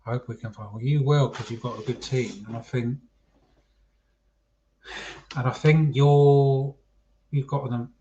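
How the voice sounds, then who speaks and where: A man's voice: medium pitch, steady tone, a little slow, pauses often, dark tone, a little hiss or hum. A man hosting a casual football chat livestream, chatty and calling his viewers mate. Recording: dull lo-fi stream audio.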